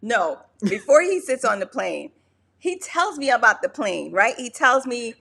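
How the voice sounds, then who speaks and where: A woman chats with her husband on their couch, her voice high and bright. She reacts openly, laughs easily and drops slangy interjections. It sounds like a relaxed co-hosted talk show. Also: measured pace, gravelly, slightly rough. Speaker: podcast co-host, wife. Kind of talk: casual chat. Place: home couch.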